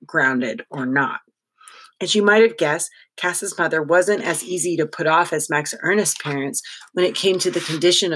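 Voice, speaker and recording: Brief: audiobook narrator, wry and lively, middling pitch.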